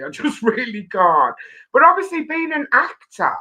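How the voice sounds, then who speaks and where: A woman hosting a casual interview, lively and teasing with a lot of laughter. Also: sits high, normal speed, rough recording. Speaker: host. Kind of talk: casual chat show interview.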